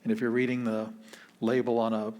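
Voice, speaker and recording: A man, a pastor, teaching an introductory Greek class in a relaxed, chatty way, repeating words slowly to show how they are said. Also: mid-range voice.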